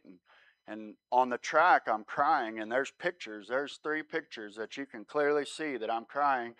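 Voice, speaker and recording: A man giving his sermon testimony as a relaxed story, often checking in with "right?". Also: mid-range voice, smooth, dry recording. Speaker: guest speaker sharing his testimony.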